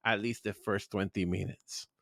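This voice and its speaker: A man hosting a podcast, telling rambling, crude stories full of filler words and getting animated as he goes. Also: normal speed, vocal fry, no echo, clean studio sound. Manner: animated, pitch rising when excited. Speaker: podcast host. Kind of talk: casual storytelling chat.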